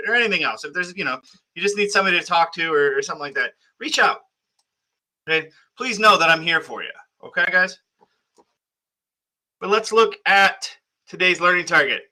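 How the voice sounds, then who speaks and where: A man's voice: fairly high pitch, pushed and bright, poor audio. Sleepy, chatty male history teacher. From United States. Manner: casual, chatty, many fillers and restarts. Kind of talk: online class lecture.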